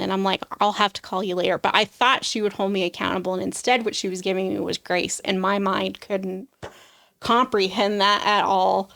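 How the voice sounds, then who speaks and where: A woman's voice: medium pitch, fairly even intonation, moderate pace, vocal fry, a bit bright. Woman telling a personal story. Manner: emotional storytelling, acts out quoted voices, frequent "like". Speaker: podcast guest. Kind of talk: personal testimony in an interview.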